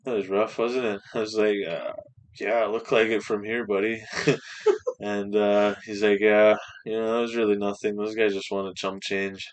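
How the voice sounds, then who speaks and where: A man's voice: lowish voice, normal speed. Young man telling a wild story. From Canada. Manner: swearing, animated anecdote with quoted voices. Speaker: podcast guest. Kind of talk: casual storytelling.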